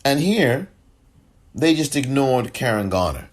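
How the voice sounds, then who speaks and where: A man giving impassioned political commentary, angry and sarcastic, often rising in pitch as he rants. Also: sing-song, measured pace.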